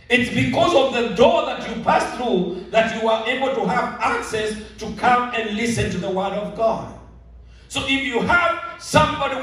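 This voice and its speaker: A pastor with a very high voice delivers a slow, emphatic sermon. He repeats key phrases for weight. The sound carries a strong echo from a large auditorium, picked up from some distance away. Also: a bit bright. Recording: very echoey hall, mic at a distance.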